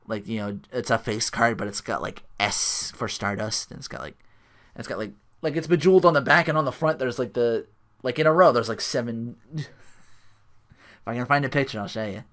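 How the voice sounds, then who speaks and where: A man's voice: medium pitch, normal speed, fairly bright tone. A man hosting a solo podcast, recapping a wrestling show in a rambling way full of likes and restarts. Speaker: podcast host.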